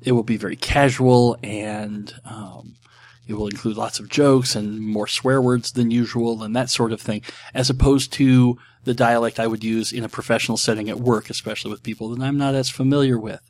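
A man from Texas hosting a podcast, talking in a loose, rambling way with plenty of ums and quick self-deprecating jokes. His voice sits at an ordinary middle pitch for a man. It sounds like a relaxed solo chat into a desk microphone. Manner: chatty, self-deprecating, with frequent ums and asides. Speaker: podcast host answering listener questions. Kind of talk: casual rambling monologue.

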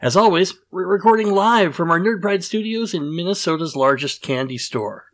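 A man's voice: high-pitched, normal speed, fairly bright tone. Male podcast host, casual and rambling, self-deprecating. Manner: rambling, self-deprecating, lots of fillers and restarts.

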